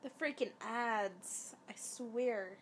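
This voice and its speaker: A woman's voice: on the high side, extremely slow, slight background noise. A woman chatting casually while watching a film, making wry, critical and teasing remarks. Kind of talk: casual watch-along commentary.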